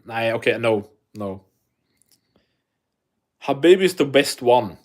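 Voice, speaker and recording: A man's voice: medium pitch, lively intonation, slow, long pauses. A man from Sweden, hosting a casual live stream, chatting and reading the chat aloud while swearing freely.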